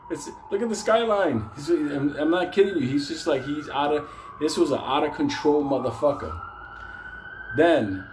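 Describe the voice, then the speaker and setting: A man's voice: mid-range voice, background noise. A man telling a comic story casually, profane and laughing as he rambles.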